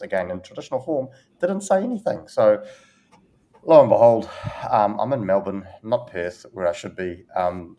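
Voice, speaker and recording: A man's voice: low-pitched, dark tone. A man co-hosting a podcast, joking and teasing his co-hosts in casual banter with plenty of "um"s. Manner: teasing, joking, many "um" fillers. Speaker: podcast co-host.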